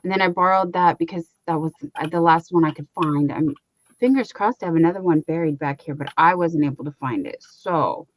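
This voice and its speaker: A woman's voice: sits low, brisk, poor audio. A woman co-hosting a crochet livestream, talking in a chatty, rambling way with lots of fillers. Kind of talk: casual livestream chat.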